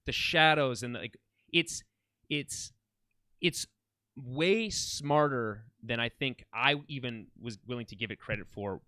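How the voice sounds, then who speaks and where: Man, podcast co-host, casual rambling chat, smooth clear voice, dry sound. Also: mid-range voice, unhurried, sharp tone, dry recording. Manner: rambling, enthusiastic, many restarts.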